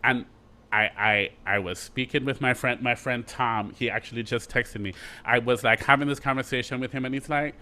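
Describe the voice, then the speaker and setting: A middle-aged Jamaican man, an actor being interviewed, telling his story in a lively way with quick asides and restarts. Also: mid-range voice. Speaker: actor guest.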